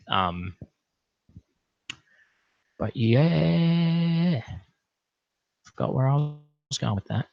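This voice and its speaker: A man's voice: fairly high pitch, big pitch swings, drawn-out words, vocal fry, pauses often, no echo. A young Australian man in a casual late-night livestream, rambling, laid-back and full of swearing. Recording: dull lo-fi stream audio.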